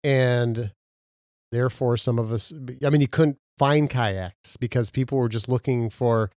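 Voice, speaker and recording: A man's voice: mid-range voice, measured pace, a little mellow, dry recording, clean studio sound. Boastful rambling male podcast co-host. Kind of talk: casual podcast banter.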